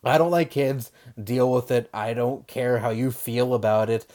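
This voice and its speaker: A man's voice: medium pitch, fairly even intonation, normal speed, darkish tone. A young man giving casual commentary on an article, rambling and defensive, with lots of fillers, restarts and mild swearing. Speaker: video commentator.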